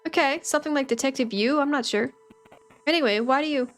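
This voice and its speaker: A woman's voice: high voice, fast talker, faint music behind. Playful woman streaming a game. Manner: playful and joking. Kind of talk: let's play commentary.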